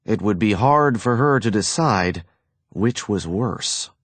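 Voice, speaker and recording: Male audiobook narrator, measured pace, lively pitch, dry studio sound. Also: dry recording. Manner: expressive, storytelling.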